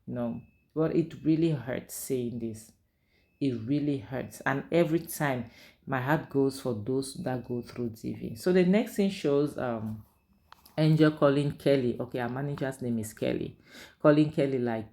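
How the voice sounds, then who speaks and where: A man recapping a drama episode in an animated, emotional, casual way. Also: medium pitch, normal speed, gravelly. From Nigeria. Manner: animated, emotional retelling with conversational fillers. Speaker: drama series reviewer.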